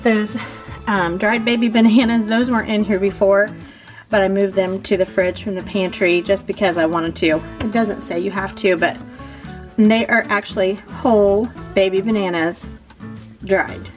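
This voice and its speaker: A woman's voice: medium pitch, steady tone. Woman, vlogger, casual haul chat, upbeat, rambling, slightly out of breath, faint background music. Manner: chatty, rambling, quick and upbeat. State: a bit out of breath.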